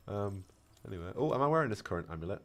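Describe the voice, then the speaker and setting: A man's voice: lowish voice, animated, rapid-fire, a bit bright. A man streaming a video game, chatting casually, reacting to gameplay and reading out chat questions. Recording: faint background noise.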